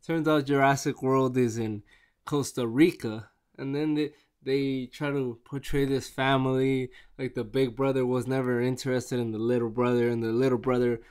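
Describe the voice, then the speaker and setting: A man chatting casually on camera in a rambling, excitable way, with many restarts. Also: mid-range voice, moderate pace, clean tone. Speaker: vlogger reviewing a movie. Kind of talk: casual chat.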